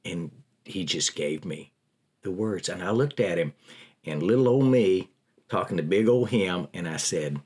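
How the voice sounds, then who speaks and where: Low husky older man telling stories. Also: measured pace. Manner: folksy, animated storytelling. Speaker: prison ministry volunteer. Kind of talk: telling personal stories in an interview.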